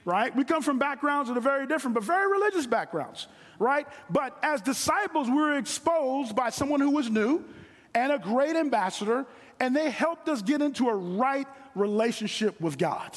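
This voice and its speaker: Man, very high voice, middle-aged preacher, earnest, repeats himself for emphasis, long hall reverb. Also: lively intonation. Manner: earnest, repeats phrases for emphasis, slows down on key lines. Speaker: guest preacher. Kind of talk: sermon.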